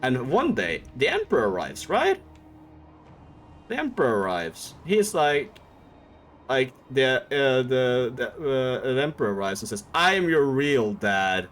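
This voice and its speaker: A man's voice: mid-range voice, wildly swooping pitch, measured pace, soft background music. A young man streaming, retelling a story in a rambling, comedic way with lots of filler words and swearing.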